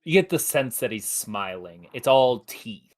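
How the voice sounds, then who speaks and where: A man running a tabletop game on a live stream, narrating with many pauses and fillers. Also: mid-range voice, expressive. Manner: hesitant, many fillers, apologetic. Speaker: game master.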